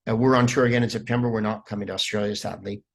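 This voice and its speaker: A man, a comedian guest on a podcast, telling stories in a lively, rambling way with plenty of fillers. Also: fairly low pitch, racing, vocal fry, a crowd in the background. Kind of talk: casual podcast interview.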